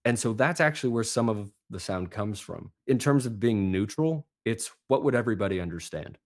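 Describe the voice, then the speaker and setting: A man, a guest accent coach, chatting casually on a podcast in an animated, storytelling way. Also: fairly low pitch, fairly quick. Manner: animated storyteller, lively asides.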